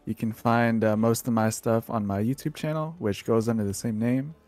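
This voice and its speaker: A man's voice: medium pitch, steady tone, moderate pace, a little mellow, no echo. A man player in a tabletop game, talking in an easygoing casual way. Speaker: player and poet. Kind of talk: casual chat.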